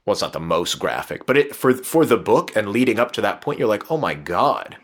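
Man, lower register, casual podcast chat, animated storyteller who quotes the characters. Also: brisk. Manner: animated, laughs often, acts out quotes. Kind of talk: casual chat retelling a book.

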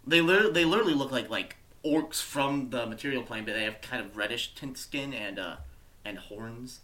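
A man's voice: mid-range voice, moderate pace, sharp tone. Male game master, casual narration with fillers and the odd curse. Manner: casual, swearing, filler-heavy.

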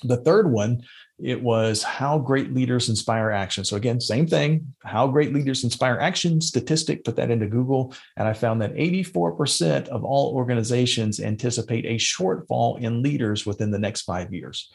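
A man's voice: mid-range voice, normal speed, vocal fry. A man hosting a podcast, giving casual how-to advice with frequent fillers and restarts. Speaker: podcast host. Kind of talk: casual instructional podcast talk.

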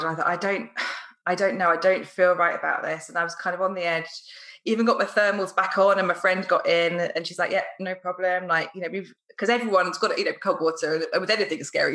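A chatty woman host talking on a podcast, her voice sitting a little low for a woman. She laughs easily and fills her speech with casual asides. The sound carries a roomy echo around her. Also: fairly bright tone. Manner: chatty, laughs often, many "like" fillers. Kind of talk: casual conversation.

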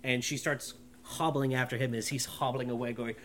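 A man narrating as game master in a relaxed way, with plenty of fillers. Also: mid-range voice, normal speed. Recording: background music.

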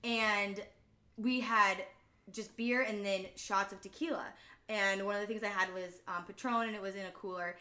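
A young woman bartender guesting on a podcast, telling animated stories in casual chat and laughing often. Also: mid-range voice, normal speed.

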